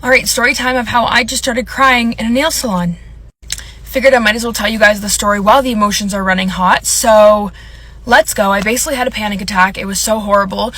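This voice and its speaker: A woman's voice: medium pitch, a bit bright. Brief: young woman, casual storytime vlogger, rambling and emotional, mid-range voice. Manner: rambling, filler-heavy, emotional retelling.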